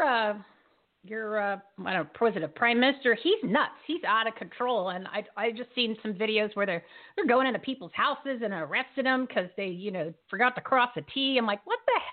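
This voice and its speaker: A woman's voice: fairly high pitch, expressive, normal speed. Fiery woman host on a tinny line. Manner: fiery, folksy and emphatic. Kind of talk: live talk show hosting. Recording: phone-like narrow audio.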